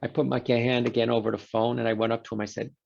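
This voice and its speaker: A man's voice: medium pitch, fast, vocal fry, highs cut off. A man, a guest in a conversation, telling a story and acting out the quoted exchanges. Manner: animated storyteller who voices quoted exchanges.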